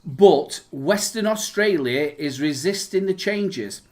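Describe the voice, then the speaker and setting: Northern English man, casual chat, halting delivery, reads news out, fairly high pitch. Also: lively intonation, darkish tone. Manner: rambling, many restarts and fillers, reads news aloud. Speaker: podcast co-host.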